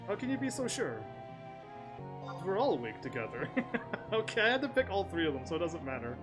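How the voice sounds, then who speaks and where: Man, gaming commentary, playful, reads dialogue aloud, slightly high voice, game music in background. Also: sing-song, fairly quick. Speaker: gaming streamer. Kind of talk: casual let's-play commentary, reading dialogue aloud.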